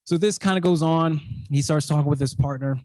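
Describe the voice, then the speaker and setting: A man's voice: fairly high pitch, fairly quick, mellow, dry recording. Man telling a personal story, conversational. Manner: conversational, heavy use of "like", frequent restarts. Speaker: invited speaker.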